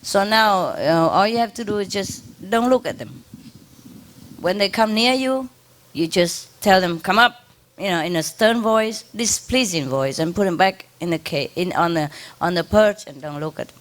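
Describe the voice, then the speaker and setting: A woman's voice: medium pitch, expressive, moderate pace. A woman speaking informally to a gathering as a spiritual teacher, laughing often, with simple, loosely built sentences. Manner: laughs often, simple non-native English phrasing. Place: ashram gathering.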